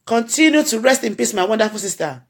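A Nigerian-accented woman in mourning, a blogger speaking to her followers, delivers a heartfelt tribute with a preacher's rhythm of repeated phrases. Her voice is fairly high, lively and quick, with a breathy edge.

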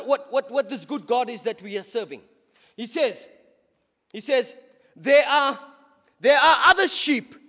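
High-voiced South African man preaching. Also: a bit bright. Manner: impassioned, with frequent stumbles and repeated words. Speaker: deacon preaching. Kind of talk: sermon. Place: church. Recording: reverberant church hall.

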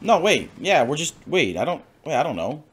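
A man's voice: fairly high pitch, big pitch swings, normal speed, a bit bright, slightly rough. A man streaming a game in casual chat, mumbling and easily distracted.

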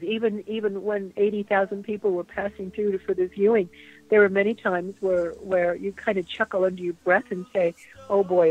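An older woman, a guest on a radio interview, remembering aloud in a reflective way, repeating phrases and trailing off. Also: medium pitch. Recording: dry tinny phone line.

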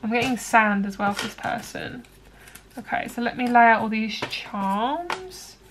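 A woman's voice: a little high, lively intonation, a little slow, a little hiss or hum. A young woman chatting casually through a tarot reading, rambling with lots of fillers. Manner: chatty, rambling, many likes and ums. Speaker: tarot card reader.

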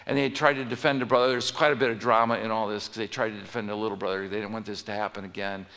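A man's voice: medium pitch, fairly even intonation, fast talker, few pauses, sharp tone. A male pastor delivering a conversational sermon in a church, telling the story and asking his listeners questions. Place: church sanctuary. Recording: long hall reverb.

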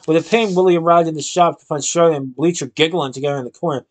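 A man's voice: on the high side, fast. Man reading a children's book aloud. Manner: reads with small restarts, gives characters lightly different voices. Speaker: reader.

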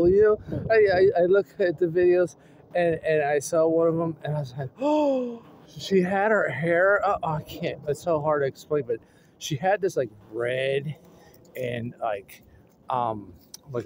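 A man vlogging casually outdoors with his dog, excitable and laughing often, his voice going hoarse. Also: a little high, a little hiss or hum. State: losing his voice. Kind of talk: casual vlog chat.

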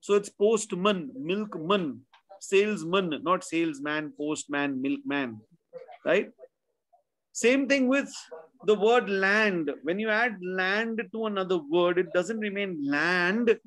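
A man's voice: sits high, lively intonation, slow pace, a bit bright. A man with an Indian English accent teaching pronunciation in an online class, checking in with "right?" after his points. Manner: explanatory, drills words by repetition, frequent "right?" checks. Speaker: spelling bee tutor.

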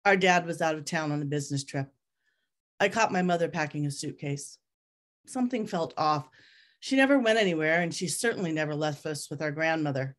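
A woman author reading her own memoir aloud in a measured, reflective, steady way. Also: deep voice.

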